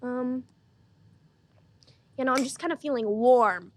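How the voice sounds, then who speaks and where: A young woman hosting a podcast, chatting in a deadpan, mock-earnest, playful way. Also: high-pitched, measured pace, slight background noise. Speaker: podcast host. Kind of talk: casual comedic podcast chat.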